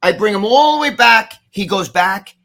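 A man telling a long anecdote on a podcast, animated and profane, acting out what others said. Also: sits high, moderate pace. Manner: animated storyteller, profane, acts out quotes. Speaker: podcast guest.

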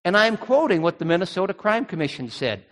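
Man, pastor, emphatic sermon, lively pitch, long hall reverb. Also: fairly quick. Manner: emphatic preaching, rising on key words.

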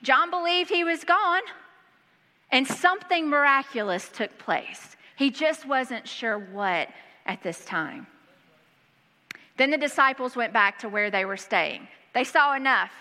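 A woman pastor preaching a sermon, reading scripture and breaking in with lively asides. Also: high-pitched, a little slow. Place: church hall. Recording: long hall reverb.

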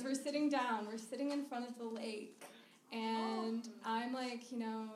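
A woman's voice: a little high, steady tone, normal speed, recorded from a distance, a loud crowd. A young woman telling a funny personal story on stage, talking chattily with lots of "like" and frequent laughter. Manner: chatty, says "like" a lot, laughs through the story. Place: live show venue. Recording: roomy live stage recording with noise.

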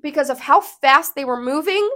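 A woman's voice: high-pitched, expressive, moderate pace, pushed and bright. A woman vlogger telling a personal story to camera in an earnest, emotional, rambling way.

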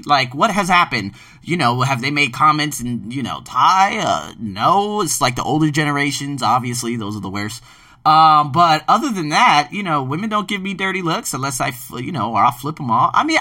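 A man's voice: a little high, bright, forceful tone, dry recording, recorded from a distance. A man from Philadelphia, hosting a podcast in an emphatic, casual monologue that carries some swearing. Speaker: podcast host and ESL teacher.

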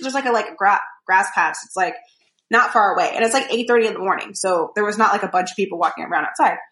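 A young woman chats on a podcast, telling a story that wanders, full of fillers and acted-out quotes. Her voice sits at a middle pitch and carries echo from the room around her. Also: a bit bright. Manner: rambling storyteller, many fillers, acts out quotes. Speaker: podcast co-host. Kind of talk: casual chat.

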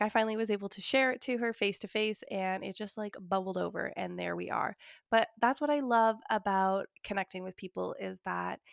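Woman, podcast host, gravelly fry, gushing, laughs a lot. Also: mid-range voice, no echo, studio quality. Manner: effusive and gushing, laughs often. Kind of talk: casual podcast conversation.

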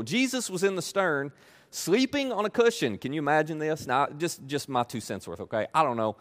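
A man preaching a sermon in a conversational, animated way, acting out the pleas of people he quotes. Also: fairly high pitch. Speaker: pastor.

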